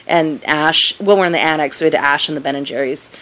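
A woman's voice: deep voice, quick pace, fairly bright tone, a little hiss or hum. A woman hosting a podcast in casual chat, giggly and rambling, often drifting off topic. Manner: giggly, rambling, easily sidetracked. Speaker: podcast host.

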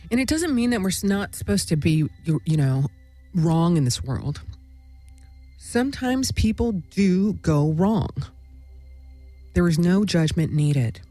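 A woman's voice: fairly low pitch, warm tone, dry recording. A woman hosting a spiritual talk show, speaking in a meandering monologue full of "you know" and "right?". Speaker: host.

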